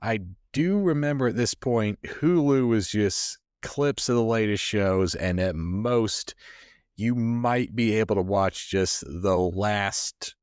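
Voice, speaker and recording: A man's voice: lowish voice, smooth, dry recording, studio quality. A man co-hosting a podcast, talking in a thoughtful, rambling way with many fillers. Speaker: podcast co-host. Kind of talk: casual chat.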